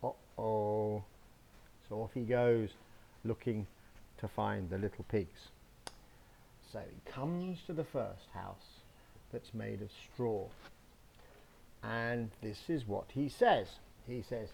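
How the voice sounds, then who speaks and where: A man reading a picture book aloud to children, slow and expressive, adding sound effects. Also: lowish voice, vocal fry, slight background noise. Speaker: storyteller.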